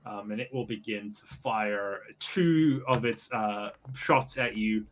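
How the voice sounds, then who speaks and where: A man narrating a tabletop game as game master, hesitant and often pausing with fillers. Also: lowish voice. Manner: hesitant, full of ums.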